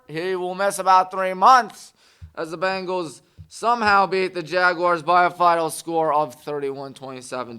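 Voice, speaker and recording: A man's voice: on the high side, steady tone, normal speed, bright, forceful tone, smooth. A man hosting a community TV sports talk show, rattling off scores with sarcastic, exasperated asides. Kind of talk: scores recap monologue. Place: community TV studio.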